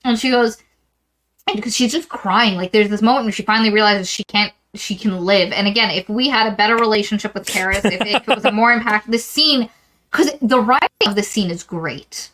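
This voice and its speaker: A woman co-hosting a book podcast, recapping a novel in a rambling, animated way and acting out quotes from it. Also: mid-range voice, fairly quick, rough recording. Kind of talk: casual book discussion.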